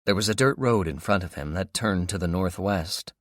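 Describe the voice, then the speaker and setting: A man narrating a zombie survival audiobook in a steady, measured way. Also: sits low, dry recording, studio quality. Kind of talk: scripted narration.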